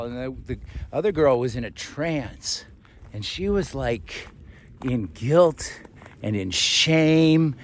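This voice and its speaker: A man casually telling a rambling story to camera outdoors in a forest, chatty and quick to laugh. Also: mid-range voice, animated. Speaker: vlogger.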